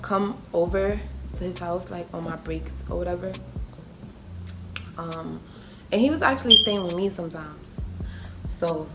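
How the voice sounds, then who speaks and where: A young woman telling a storytime vlog, chatty and full of fillers, jumping up high when she acts out what people said. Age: young adult. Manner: acts out quoted voices with sudden high pitch. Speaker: vlogger. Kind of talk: casual storytime.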